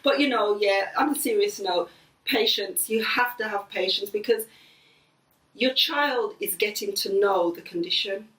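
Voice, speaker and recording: A woman's voice: mid-range voice, a little slow, recorded from a distance. Earnest mother in an echoey room. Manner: gentle, earnest, chuckling. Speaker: mother of the host. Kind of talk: casual family conversation. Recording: echoey room, voice a bit off-mic.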